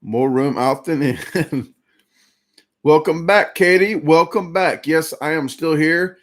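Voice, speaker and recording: Speaking slowly in a somewhat high voice, a man rambles through a relaxed live-stream chat. The big eating challenge has left him full and sluggish, and he chats while greeting viewers by name.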